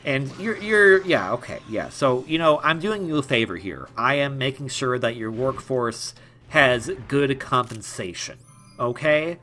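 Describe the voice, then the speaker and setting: A man's voice: medium pitch, lively intonation, a little slow, pushed and bright, faint music behind. A young man giving casual, jokey let's-play commentary, rambling and stammering over repeated words. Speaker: gaming YouTuber.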